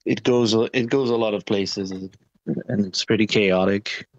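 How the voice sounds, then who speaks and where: A man's voice: on the low side, steady tone, takes it slowly, no echo, dull audio. A man answering interview questions about touring, talking casually with many fillers and restarts. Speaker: touring musician, interview guest.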